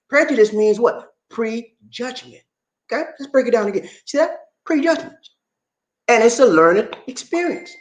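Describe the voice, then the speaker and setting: A man hosting his own show, explaining things to viewers casually in an animated, playful way and teasing the audience. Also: very high-pitched, moderate pace. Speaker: host. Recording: echoey room.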